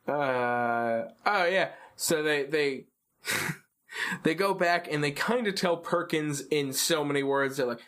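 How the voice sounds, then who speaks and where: A man co-hosting a casual podcast, recapping a TV episode in a profane, animated way and acting out the characters' quotes. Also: on the high side, measured pace. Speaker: podcast co-host.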